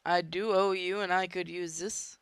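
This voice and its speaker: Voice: mid-range voice, steady tone, moderate pace, fairly bright tone, clean tone, no echo, studio quality, lightly acted. A gamer voicing a hulking male mercenary villain with a half-attempted Spanish flavor and Spanish words. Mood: businesslike.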